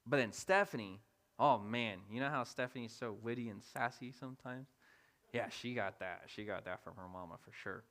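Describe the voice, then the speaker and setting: A man in his thirties preaching in a church, telling a family story in an animated way and acting out the voices of his family. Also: medium pitch, moderate pace. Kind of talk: storytelling sermon. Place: church sanctuary.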